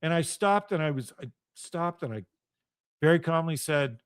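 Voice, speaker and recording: Middle-aged man, radio host, ranting monologue, profane and intense, fairly high voice, dry sound. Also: animated, moderate pace, clear, resonant tone, dry recording. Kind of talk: heated solo monologue.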